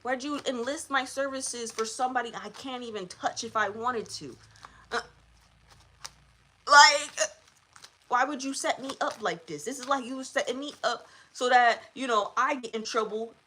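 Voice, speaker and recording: Woman doing a panicky demon, raised pitch, rapid flustered "no, no" denials. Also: bright, forceful tone. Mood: indignant. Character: skittish dark spirit refusing a job, nervously backing off.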